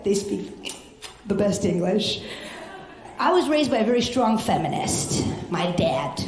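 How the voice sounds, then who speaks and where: A young woman doing a brash, profane stand-up set with loud exasperated outbursts. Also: medium pitch. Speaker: stand-up comedian. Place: comedy club stage. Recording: echoey club stage.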